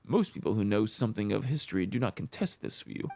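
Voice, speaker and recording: A formal, explanatory scholar in a fantasy game, as a man reads his lines, with a gravelly voice. He lays out his points in steady, lecturing order. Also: fairly low pitch, quick pace, dry recording, exaggerated voice.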